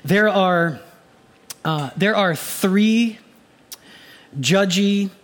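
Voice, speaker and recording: A male pastor delivering a sermon in a somewhat high voice. He preaches with animation and now and then slips into mock inner voices to make his point. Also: very slow.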